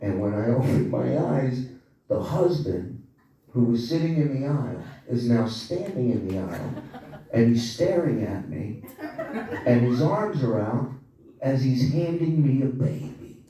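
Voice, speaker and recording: A man's voice: mid-range voice, animated, unhurried. A man doing a stand-up comedy set with sarcastic, profane storytelling, recorded live in a comedy club. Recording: echoey club room, crowd noise, from far off. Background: audience laughter.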